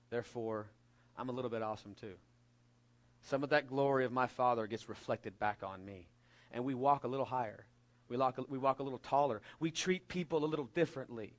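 A middle-aged man from California preaching a sermon, telling a lively story with jokes and acting out the voices of the people in it. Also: mid-range voice, fairly quick, long pauses. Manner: storytelling, animated and jokey, acts out voices. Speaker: pastor.

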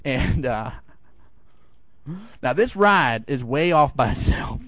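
A middle-aged man preaching a sermon, telling a lively personal story and swinging high for the quoted voices. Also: takes it slowly, no echo. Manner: animated storytelling, rising high for acted quotes. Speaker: pastor.

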